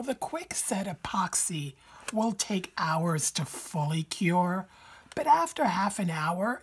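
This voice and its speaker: Slow, husky-voiced woman crafter. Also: lowish voice. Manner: slow, careful and explanatory. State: slightly hoarse from a cold. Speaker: craft tutorial host. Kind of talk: step-by-step tutorial narration.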